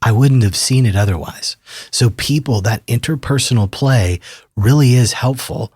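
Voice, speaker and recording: A man in his fifties, a therapist and author, talks as a guest on an interview podcast in a calm, measured way. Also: mid-range voice, breathy edge, no echo.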